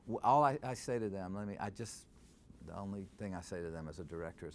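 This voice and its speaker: A man's voice: low voice, fast, a little hiss or hum. An older man, a scholar and theater director, answering interview questions and reciting verse lines to show how they are stressed. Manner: animated, quotes verse aloud to show stresses.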